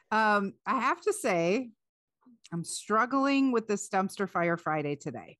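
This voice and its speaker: A woman's voice: medium pitch, lively intonation, measured pace, a bit bright, no room sound, studio quality. A woman co-hosting a faith podcast, talking candidly and chattily with many fillers. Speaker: podcast co-host. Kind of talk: casual faith podcast chat.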